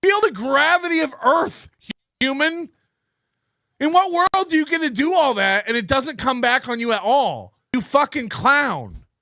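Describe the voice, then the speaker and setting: A man's voice: very high voice, expressive, measured pace, bright, forceful tone, dry recording. A man in a played clip, ranting angrily and repeating himself. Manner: angry, repetitive ranting.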